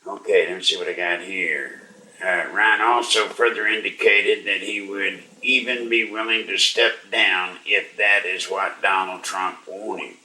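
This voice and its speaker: An older man hosting a talk radio show, sounding weak and unwell as he slowly urges and pleads with listeners. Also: sits low, steady tone, pushed and bright, roomy sound, distant mic, poor audio. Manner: slow, strained, pleading and urging listeners to act. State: weak and unwell, struggling to speak. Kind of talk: live talk radio monologue.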